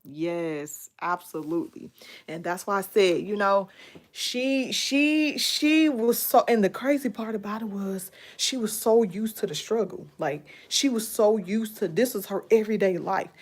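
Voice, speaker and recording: A young adult woman chatting casually with viewers during a livestream, animated and talkative, thanking people by name and sliding into baby talk with her son. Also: mid-range voice, measured pace. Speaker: livestream host.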